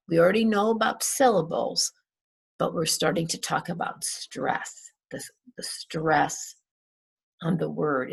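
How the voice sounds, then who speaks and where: A woman's voice: fairly low pitch, vocal fry, slightly rough. A woman English teacher recapping a class, patiently repeating words to model their stress. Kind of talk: recorded class recap, slow and deliberate.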